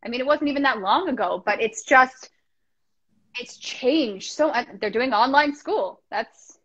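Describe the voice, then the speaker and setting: A woman from Canada hosts a live video chat, bubbly and quick to giggle as she talks. Her voice sits a little high. The sound comes through dull and lo-fi, like a webcam microphone. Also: animated, a bit bright. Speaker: host. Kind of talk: casual chat.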